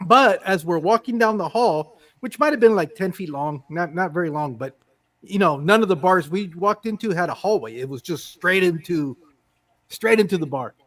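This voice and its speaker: A man in his fifties with a fairly high voice, telling a story at a relaxed conversational pace. He is animated and slips into the voices of the people in his tale, swearing casually as he goes. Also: moderate pace. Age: 50s.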